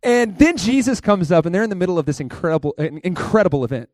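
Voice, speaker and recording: A male pastor preaching a lively sermon in a conversational way, laughing often and asking the listeners questions. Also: sits high, quick pace, dry recording, studio quality. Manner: conversational, asks the crowd questions.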